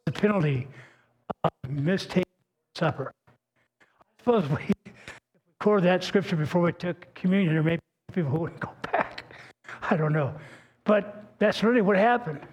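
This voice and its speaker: A man's voice: high voice, animated, normal speed, long pauses, highs cut off. An older man preaching a sermon as pastor, telling stories in a folksy, earnest way, often restarting his words. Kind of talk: sermon with personal storytelling.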